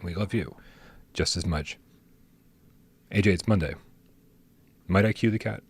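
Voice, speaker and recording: A man co-hosting a live gaming stream, thanking viewers in a relaxed, rambling way. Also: low voice, measured pace, breathy edge, no echo. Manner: relaxed, rambling, lots of fillers. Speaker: podcast co-host. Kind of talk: casual live-stream sign-off.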